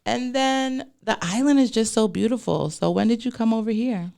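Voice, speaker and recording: A woman's voice: on the high side, moderate pace, gravelly, mellow. Chatty New York woman hosting a podcast. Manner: chatty, playful, laughs easily. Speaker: podcast host. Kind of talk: casual fashion chat.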